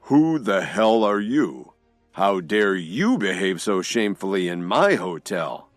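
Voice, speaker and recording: A man voicing an angry hotel owner who shouts fiercely. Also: low-pitched, sing-song, slow pace, no echo, faint music behind, exaggerated voice.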